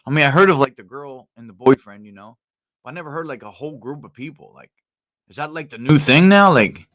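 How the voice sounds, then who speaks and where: Man, casual livestream talk, blunt, swearing, indignant, lots of filler words, mid-pitched voice. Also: fast talker, a bit bright. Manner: blunt and profane, many fillers and restarts; indignant, rising into outrage. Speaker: livestream host. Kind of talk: casual live chat with viewers.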